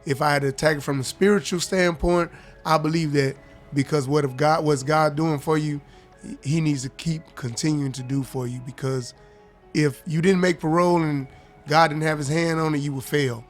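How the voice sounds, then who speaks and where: A man's voice: on the high side, steady tone, normal speed, soft background music. A man co-hosting a chat show in a radio studio, speaking reflectively from a spiritual angle. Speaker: co-host. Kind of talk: casual chat.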